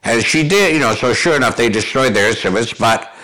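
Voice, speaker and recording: An older man from Canada spins backstage stories in a loose, rambling way, restarting sentences and chuckling as he goes. His voice sits at an ordinary middle pitch for a man. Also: animated, brisk, bright, forceful tone. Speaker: guest. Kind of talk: conversational storytelling.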